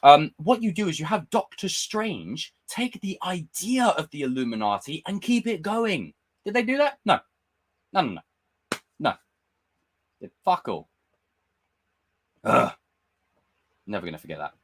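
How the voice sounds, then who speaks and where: A man's voice: on the high side, measured pace, pauses often, slight background noise. A young man hosting a live stream, chatting casually and ranting with lots of swearing. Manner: animated, swearing, ranting fan. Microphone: desk mic with camera.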